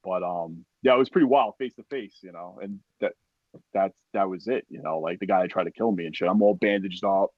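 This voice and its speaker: Low-voiced guy telling a war story, swears a lot, does everyone's voices, dull dry sound. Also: a little fast, no echo. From United States. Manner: profane, animated, acts out quoted voices. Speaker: podcast guest, army veteran. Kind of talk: casual storytelling.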